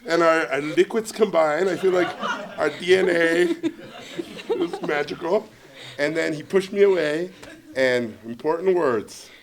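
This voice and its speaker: A man telling a comic anecdote at a student Q&A. His voice sits a little high and carries a gravelly rasp. He is animated, laughs along as he goes, and performs each quoted line. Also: unhurried. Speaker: guest filmmaker at a student Q&A.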